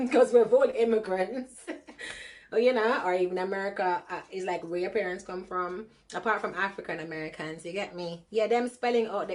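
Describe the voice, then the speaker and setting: A woman talks to her viewers in a relaxed, chatty livestream. She laughs easily and slips between patois and London slang. Her voice sits at an ordinary middle pitch for a woman. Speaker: livestream host and card reader. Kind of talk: casual livestream chat with viewers.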